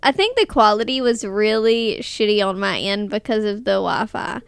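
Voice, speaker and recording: A woman's voice: mid-range voice, animated, normal speed, gravelly, clear, resonant tone, no echo. A woman with a strong Southern US accent, co-hosting a casual podcast chat in a living room on a close mic, talking in a chatty, slightly defensive way. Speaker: podcast co-host. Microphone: close podcast mic on a stand.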